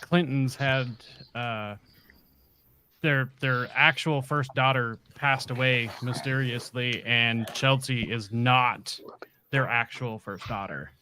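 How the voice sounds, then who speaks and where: A man's voice: mid-range voice, fairly even intonation, slow pace, pushed and bright, slight background noise. A man chiming in agreeably during a casual podcast chat. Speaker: podcast co-host.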